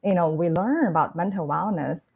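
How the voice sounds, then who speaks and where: A woman speaking on an online panel, hesitant and casual, with frequent pauses and "um" and "like". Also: on the low side, creaky, darkish tone, slightly rough, highs cut off. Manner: hesitant, many "um" and "like". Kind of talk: panel talk. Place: online video call.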